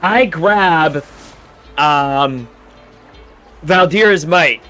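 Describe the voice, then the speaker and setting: A man's voice: a little high, extremely slow, bright, forceful tone, faint music behind. A man player in a tabletop game, describing his actions in a rambling, self-correcting way.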